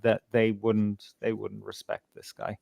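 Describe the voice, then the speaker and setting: A man's voice: on the low side, monotone, unhurried, gravelly, no room sound, dull audio. A man co-hosting a casual live show, stammering into his points and swearing bluntly. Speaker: co-host. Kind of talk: casual live-stream chat.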